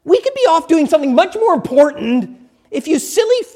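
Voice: mid-range voice, animated, very fast, mellow, lightly acted. A preacher voicing sarcastic, impatient heavenly angels who scold frail humans in a sermon retelling. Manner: scolding, exasperated tone.

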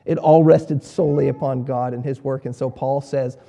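A man preaching a sermon as pastor, emphatic, repeating key words and swinging between quiet and loud. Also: mid-range voice, steady tone, normal speed, vocal fry.

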